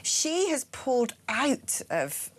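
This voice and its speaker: A woman's voice: high voice, very animated, takes it slowly. A woman presenting a studio talk show in a breezy, playful, chatty way. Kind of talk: casual studio chat.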